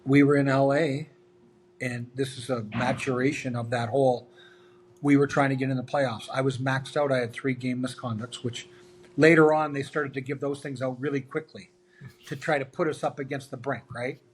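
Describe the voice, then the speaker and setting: Man telling animated locker-room stories. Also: mid-range voice, normal speed. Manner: animated anecdotes, acts out quoted dialogue. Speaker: interview guest, former hockey player. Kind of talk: storytelling in a casual interview.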